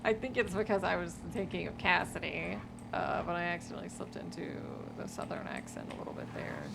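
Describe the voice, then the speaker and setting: A woman's voice: lowish voice, a little fast, creaky, heavy background noise. A young woman from the American South chatting casually on a stream, rambling with lots of fillers and restarts.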